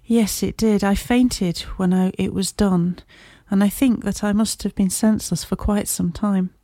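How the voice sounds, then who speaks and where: A woman reading as a shaken young gentleman engineer. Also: mid-range voice, fairly even intonation, measured pace, dry recording. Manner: polite, formal, agitated. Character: young male engineer, shaken but composed.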